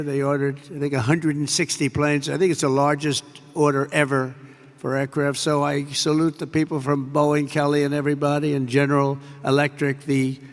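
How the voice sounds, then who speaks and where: An older man giving an off-the-cuff speech full of rambling, digressive anecdotes and repeated superlatives. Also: fairly high pitch. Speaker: public speaker. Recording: echoey large hall.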